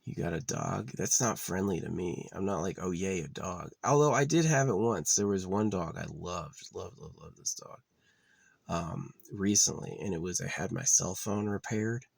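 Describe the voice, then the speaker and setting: Animated and moderately paced, a man with a low, gravelly, husky voice delivers a casual, profane ramble at his camp spot outdoors. Occasionally he lowers it to nearly a whisper, and there's no echo.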